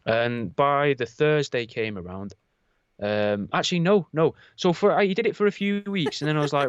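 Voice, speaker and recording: A man's voice: mid-range voice, animated, a little fast, clean tone, no echo, highs cut off. A young adult man, a podcast co-host animatedly telling a story with plenty of swearing. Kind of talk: casual chat.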